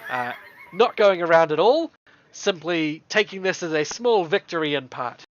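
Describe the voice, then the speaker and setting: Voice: medium pitch, normal speed, slight background noise. New game master, dull recording. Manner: relaxed, laughs often. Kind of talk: narrating a tabletop game.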